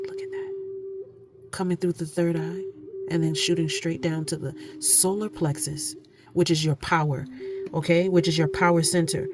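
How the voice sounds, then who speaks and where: Earnest, preachy woman card reader. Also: fairly low pitch. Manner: earnest, preachy, repeats phrases for emphasis. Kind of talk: oracle card reading. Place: indoor room, candles lit.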